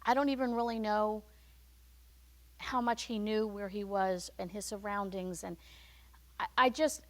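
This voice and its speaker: A woman's voice: medium pitch, fairly even intonation, unhurried, a bit bright. A woman hosting a devotional podcast, teaching in a conversational storytelling way and acting out the people in the story.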